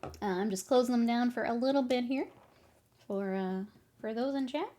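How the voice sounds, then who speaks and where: A woman's voice: fairly high pitch, normal speed, dark tone. Chatty woman streamer laughing with chat. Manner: chatty, laughs often, reads and answers chat while painting. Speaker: miniature painting streamer. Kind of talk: casual live-stream chat.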